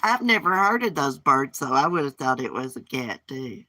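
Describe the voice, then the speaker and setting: A woman's voice: rumbling low, big pitch swings, moderate pace, bright, forceful tone, no room sound. A woman hosting a casual live stream from her porch, talking in a blunt, gossipy and profane way. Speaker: livestream host. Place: outdoors on a porch.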